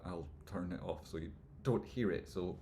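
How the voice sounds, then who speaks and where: A man's voice: low-pitched, normal speed, a little hiss or hum. Rambling man on a livestream. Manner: rambling, trails off into mumbles, sudden loud jokey outbursts. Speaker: livestream host answering chat. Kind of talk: casual live chat, stock chart commentary.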